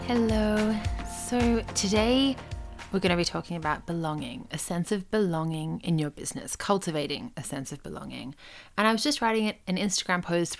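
A woman hosting her own podcast, talking casually and reflectively about belonging in business, with small asides. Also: fairly low pitch. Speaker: podcast host. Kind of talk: casual solo podcast talk.

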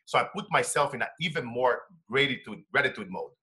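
A man from Brazil, an interview guest and coach telling his life story with animated shifts between hushed tones and loud laughing bursts. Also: medium pitch, fast. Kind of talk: emotional storytelling in conversation.

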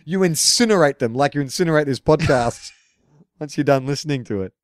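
A man co-hosting a sports podcast, chatting and reading a listener letter in a laid-back, low-key way. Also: animated, a little fast, dry recording, studio quality. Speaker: podcast co-host.

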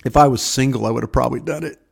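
A man's voice: mid-range voice, racing, vocal fry, breathy edge. An older man, a former scout, telling rambling stories on a video call from his home office, acting out what others said. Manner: rambling, acts out quotes in voices. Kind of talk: casual storytelling chat.

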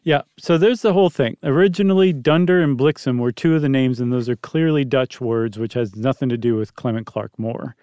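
A man's voice: mid-range voice, brisk, few pauses, mellow, no room sound, clean studio sound. A man co-hosting a casual podcast, chatting and explaining history with easy humor. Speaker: podcast co-host. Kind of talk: casual chat.

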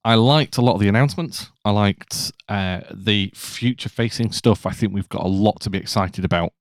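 A man's voice: lowish voice, fairly quick, no room sound. A man co-hosting a casual podcast chat, explaining things in a chatty way. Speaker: podcast co-host.

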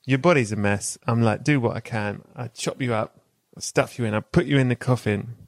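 A man with a gravelly, creaky edge to his voice hosts a comedic interview. He riffs through silly made-up tales in a relaxed, swearing, chatty way. The sound is dry and close, with no room echo. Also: medium pitch, fairly quick. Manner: spins absurd improvised stories, swears casually. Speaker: podcast host. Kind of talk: comic interview chat.

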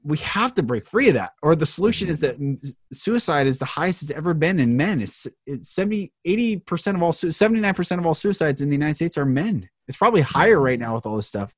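A man's voice: fairly high pitch, very animated, fast talker, hardly any pauses, no echo, clean studio sound. A man hosting a podcast, speaking earnestly and with passion in a heartfelt conversation. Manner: earnest, impassioned. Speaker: podcast host.

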